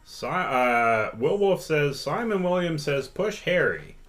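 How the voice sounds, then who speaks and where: A man's voice: fairly high pitch, very animated, fairly bright tone. A man teaching chess on a live stream, patiently reading out viewers' votes and inviting them to join in. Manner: slow, patient, reads out chat votes. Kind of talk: interactive live-stream lesson.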